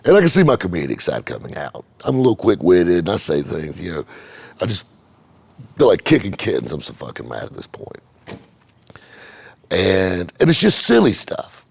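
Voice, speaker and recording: A man's voice: deep voice, wildly swooping pitch, moderate pace, creaky, pauses often, husky, no echo. A middle-aged man, a car dealer, telling a rambling, profane story in casual chat, with many repeated words. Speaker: car dealer and channel host.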